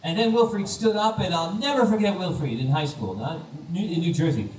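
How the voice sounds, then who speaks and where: An American man performing a stand-up comedy set, telling animated stories and acting out the people in them on a live stage. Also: sits high, a little fast, few pauses, a little hiss or hum. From United States. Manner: animated storytelling, acting out quoted voices. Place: comedy stage before a laughing audience. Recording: roomy live stage sound, distant, faint ambience.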